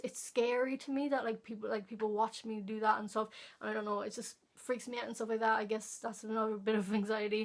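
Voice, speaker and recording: Rambling teen girl telling a story. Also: a little high. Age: teens. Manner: rambling, many fillers and restarts. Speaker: vlogger. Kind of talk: casual storytime vlog.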